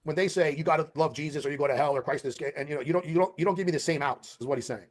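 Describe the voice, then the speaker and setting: Man, rapid speech, slightly high voice, profane rambling storyteller, casual stream chat. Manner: profane, rambling storytelling with quoted back-and-forth.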